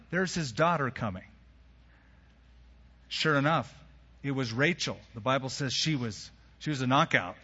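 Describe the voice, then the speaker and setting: A man preaching a sermon, telling the story in a casual, lively way and acting out the characters' lines in everyday phrasing. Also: mid-range voice, normal speed, pauses often, husky. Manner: storytelling, acts out biblical dialogue in casual modern phrasing. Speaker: pastor. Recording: dull sound, long hall reverb.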